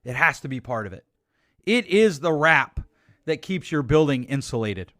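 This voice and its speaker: A man's voice: on the high side, very animated, normal speed, fairly bright tone, no echo, studio quality. A middle-aged man hosting a solo relationship advice podcast, blunt and emphatic as he urges listeners to change. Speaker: podcast host.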